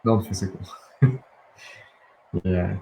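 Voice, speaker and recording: A man leading a guided breathing and affirmation session, speaking softly and slowly with calm pauses and restarts. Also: low voice, creaky. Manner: soft, slow and gentle, with calm pauses and restarts. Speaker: guided release teacher. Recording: echoey room with faint ambient noise.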